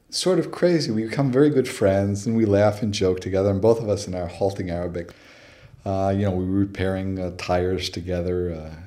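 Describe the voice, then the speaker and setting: A man's voice: sits low, normal speed, mellow. A man being interviewed, telling anecdotes with frequent fillers and acting out quoted dialogue. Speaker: interview guest, researcher. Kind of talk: conversational storytelling interview.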